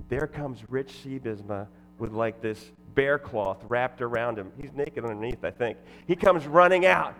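A man stands before a congregation and tells stories of his years at the church in a casual, joking way. He fills gaps with "uh" and restarts his sentences. His mid-pitched voice carries through a large church with a long reverb. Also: expressive, normal speed, hardly any pauses, a bit bright. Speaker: former elder and guest speaker at his old church. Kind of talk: personal testimony to a congregation. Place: church sanctuary. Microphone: headset or ear mic.

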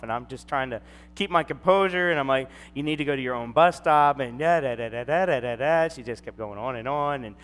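A middle-aged man preaching a sermon, telling a personal story and acting out the voices in it. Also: on the high side. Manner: storytelling, animated, acts out quoted voices. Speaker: pastor. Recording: long hall reverb, faint hum.

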